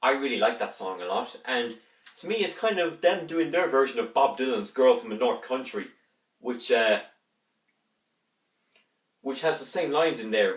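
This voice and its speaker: A man's voice: medium pitch, animated, moderate pace, pauses often. A man giving a rambling, enthusiastic music review during an unboxing, humming instrument parts along the way. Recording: roomy echo, distant from the mic.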